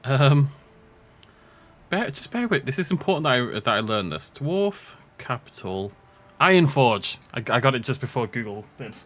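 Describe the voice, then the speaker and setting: A man's voice: mid-range voice, big pitch swings, moderate pace, a bit bright. A young man casually commenting on a game as a let's play host, playful and joking. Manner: playful, joking, laughs often.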